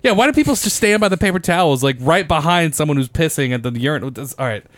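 A man's voice: a little high, expressive, fast, a bit bright, dry recording. A young man chatting casually on a podcast, telling bathroom stories with lots of swearing and laughter. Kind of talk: casual chat.

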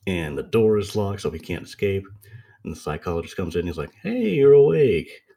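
A man casually retelling a story to friends in a relaxed, rambling way with lots of filler words. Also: low-pitched, brisk.

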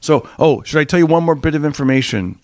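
A man's voice: a little high, fast talker. A man in casual conversation, animatedly retelling a TV episode and laughing often. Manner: animated storyteller, acts out characters in raised voices, laughs often.

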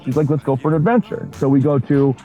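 A man casually telling a profane story on a podcast in a deadpan way. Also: medium pitch, quick pace, muffled recording, soft background music. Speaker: podcast co-host.

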